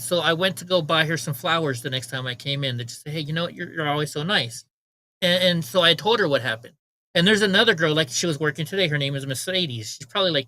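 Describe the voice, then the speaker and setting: A man's voice: fairly high pitch, bright, forceful tone, poor audio. A man hosting a livestream, telling a long story in casual chat, rambling and repeating words as he acts out what others said. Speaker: livestream host.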